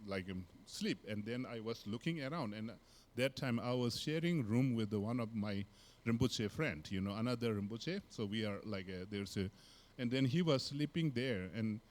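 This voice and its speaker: A man with a Tibetan accent, a Buddhist teacher, telling a personal story in a relaxed, halting way with many fillers and soft laughs. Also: medium pitch.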